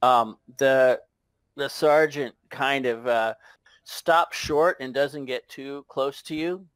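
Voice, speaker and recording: A man narrating a tabletop game as game master, unhurried and hesitant with many fillers. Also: mid-range voice, a bit bright, clear, resonant tone, no room sound.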